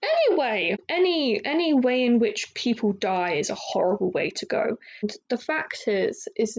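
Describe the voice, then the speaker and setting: A woman's voice: mid-range voice, gravelly, rough recording. A young woman hosting a casual solo podcast, talking candidly and rambling with lots of fillers and restarts. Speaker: podcast host.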